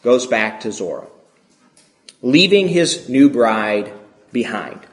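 A man preaching a sermon, retelling a scripture story in a lively way and acting out the characters' lines. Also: mid-range voice, slow, echoey room. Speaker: pastor.

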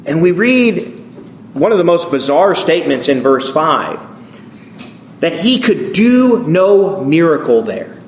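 A man preaching a sermon, reading scripture with lively expression and voicing the people in the story. His voice sits high and rings around a reverberant room. A faint hum of ambience runs underneath. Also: slow. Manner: expressive Bible reading, acting out quoted voices. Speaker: pastor.

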